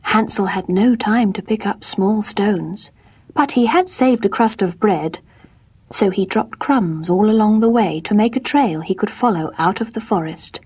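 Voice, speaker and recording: A woman narrating a storybook in gentle, measured tones. Her voice is husky and breathy, and she speaks softly. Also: medium pitch.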